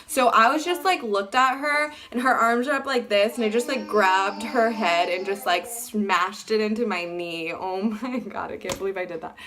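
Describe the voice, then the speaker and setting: A young woman telling a personal story to camera in casual chat, animated and full of "like", acting out what people said. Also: mid-range voice, moderate pace, hardly any pauses, noisy background. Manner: animated, fillers like "like" throughout, acts out quotes. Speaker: vlogger.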